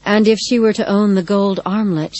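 A woman narrating a dark story in a measured, dramatic reading. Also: mid-range voice, steady tone, dry recording, low-quality recording. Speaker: audiobook narrator. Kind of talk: scripted narration.

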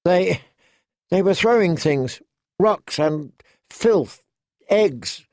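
Shaken young girl, high and halting, voiced by a man. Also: expressive, darkish tone, no echo, clean studio sound, exaggerated voice.

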